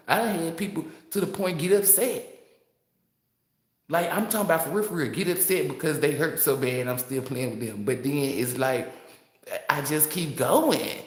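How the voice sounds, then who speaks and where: A woman's voice: deep voice, lively intonation, brisk, roomy sound. A woman giving a casual spiritual monologue as a tarot reader, brash, boastful and profane, laughing often.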